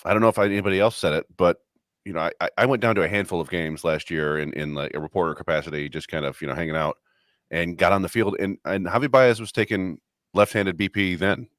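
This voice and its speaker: Deep-voiced man telling a measured anecdote. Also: fairly even intonation, a bit bright, no echo, clean studio sound. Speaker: podcast co-host. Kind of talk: casual sports podcast chat.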